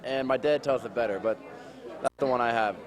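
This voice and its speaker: Man telling family stories, relaxed. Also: mid-range voice, fairly quick, a crowd in the background. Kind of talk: casual storytelling.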